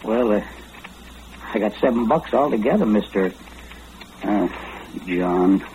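A man's voice: fairly low pitch, expressive, measured pace, mellow. An actor in an old-time radio drama playing a shy, poor young man who stammers politely and sounds humble and grateful. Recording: dull lo-fi old radio recording with hiss.

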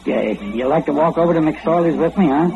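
A man's voice: fairly high pitch, fairly quick, music in the background, natural voice. An actor in an old-time radio drama playing a shy, poor young man who stammers politely and sounds humble and grateful. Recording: dull lo-fi old radio recording with hiss.

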